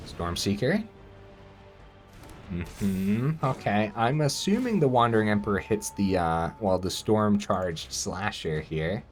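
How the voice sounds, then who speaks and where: A man giving casual gameplay commentary, thinking aloud and breaking into excited outbursts. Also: on the low side, slow, soft background music.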